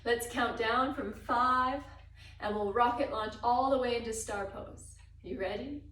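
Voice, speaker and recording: High-voiced lady doing kids yoga, slow and singsongy, echoey room from far off. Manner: gentle, sing-song, playful animal sounds. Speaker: kids' yoga teacher. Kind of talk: guided yoga class for children.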